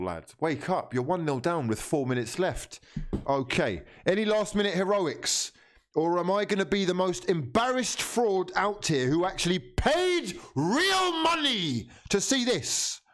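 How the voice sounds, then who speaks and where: A young man hosting a live football watchalong, commenting on the game as he reacts to it, pleading with the players, scolding them and swearing often. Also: medium pitch.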